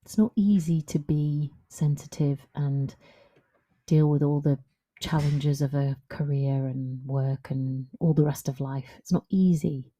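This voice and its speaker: A frank, animated woman talks through a solo coaching podcast. Her voice sits low and sounds warm and mellow. She keeps it conversational and plain-spoken. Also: measured pace. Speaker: confidence coach.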